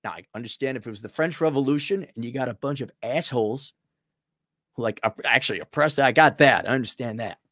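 A man's voice: medium pitch, quick pace, fairly bright tone, dry recording, clean studio sound. A man giving a profane, heated and mocking rant as a political commentator on a livestream.

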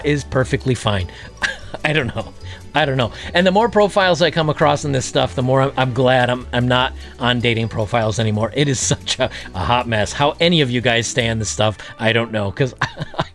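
A man's voice: mid-range voice, fairly bright tone. A man hosting his own dating commentary vlog, talking casually with crude jokes and laughing at himself. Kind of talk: casual monologue.

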